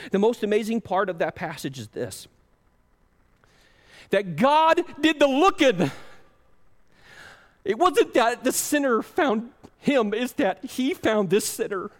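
A man preaching a sermon as pastor, passionate, swinging between loud pleading and hushed intensity. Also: high-pitched, expressive, unhurried, long pauses, in a large hall.

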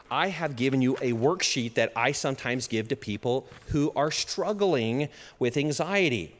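A man preaching a sermon in a church hall, with an animated delivery. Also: medium pitch. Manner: animated, acts out little quoted exchanges, chuckles at his own jokes. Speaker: pastor. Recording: long hall reverb.

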